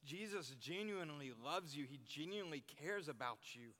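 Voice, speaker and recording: Here a youth pastor, a young man, delivers a sermon to young listeners with earnest conviction, echoing his key lines for emphasis. He speaks at a normal speed in a fairly high, animated, slightly bright voice, and the hall adds long reverb.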